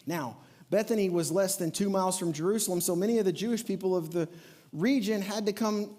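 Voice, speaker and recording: Animated high-voiced male pastor preaching. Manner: animated, acts out quoted voices, talks to the congregation. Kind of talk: sermon.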